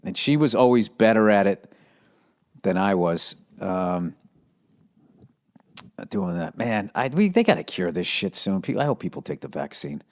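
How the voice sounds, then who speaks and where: A man's voice: low-pitched, very animated, unhurried, long pauses. A man hosting his own podcast, rambling loosely and swearing as he tells stories. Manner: loose, profane, storytelling. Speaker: podcast host. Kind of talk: casual solo rambling.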